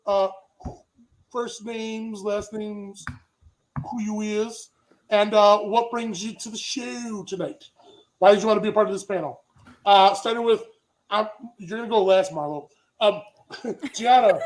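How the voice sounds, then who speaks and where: A man's voice: high-pitched, poor audio. A man hosting a livestream panel over a video call, upbeat and joking as he brings on guests. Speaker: host.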